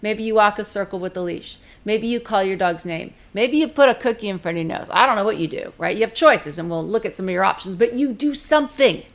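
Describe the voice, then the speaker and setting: A woman's voice: medium pitch, animated, fast, hardly any pauses. A woman giving a recorded talk on dog training in a direct, practical, conversational way, briefly putting on the voices of owners and dogs. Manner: direct and practical, plain-spoken.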